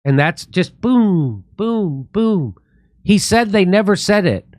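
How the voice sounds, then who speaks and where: A man's voice: high voice, sing-song, slow, darkish tone, dry recording, clean studio sound. A man hosting a political commentary talk show, ranting animatedly and mimicking friends in mocking voices. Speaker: comedian host.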